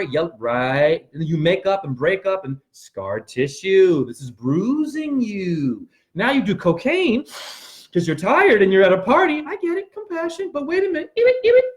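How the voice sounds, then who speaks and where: A man hosting a rambling motivational monologue, talking straight to his viewers and breaking into sudden yelps and shouts. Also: fairly high pitch. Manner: addresses viewers directly with frequent "right?". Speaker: spiritual video host.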